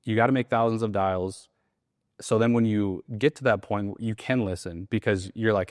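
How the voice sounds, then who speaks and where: A man coaching on sales calls in a casual interview, animated and acting out softer and louder phone voices. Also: lowish voice, moderate pace, dry recording, clean studio sound. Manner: animated, acts out soft and loud sales calls. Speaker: sales trainer.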